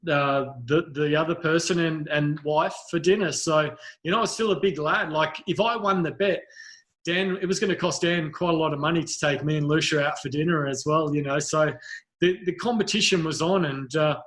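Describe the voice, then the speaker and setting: A man's voice: on the high side, normal speed, a bit bright. A middle-aged Australian man, a podcast guest, telling his story in a rambling, self-mocking way, restarting his sentences often. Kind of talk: casual storytelling in conversation.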